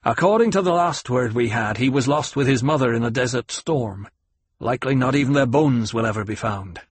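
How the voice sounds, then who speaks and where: Man voicing a tired, bitter fighter, blunt and clipped, husky dry read. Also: medium pitch, brisk, dry recording, close to an everyday voice. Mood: grim. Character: weary, angry male soldier with a scar.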